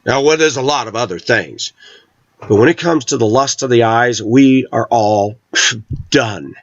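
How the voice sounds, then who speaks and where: A man's voice: medium pitch, animated, moderate pace, fairly bright tone, dry recording, dull audio. A middle-aged man vlogging an opinionated monologue, talking with intensity and hard emphasis.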